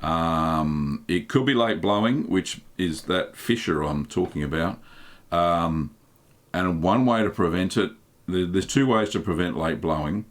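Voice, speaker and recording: An Australian man hosting a live stream, reading viewer chat aloud and answering questions in a relaxed, chatty way with many ums. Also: low-pitched, a little slow. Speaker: host.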